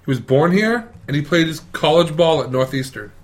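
A man's voice: fairly high pitch, expressive, fairly quick. Eager fan man giving a sports rundown. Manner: eager fan talk, loose and profane. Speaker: sports segment presenter. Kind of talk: casual sports recap.

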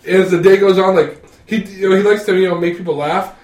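A man's voice: high voice, fast. A man in casual chat, animatedly recapping a comedy film and laughing as he goes. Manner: animated, laughs through his retelling. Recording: roomy sound from a distant mic.

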